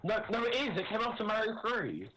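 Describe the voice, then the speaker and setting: Deadpan male co-host. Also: high-pitched, fairly quick, a crowd in the background, poor audio. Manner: deadpan, absurd jokes. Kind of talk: casual chat.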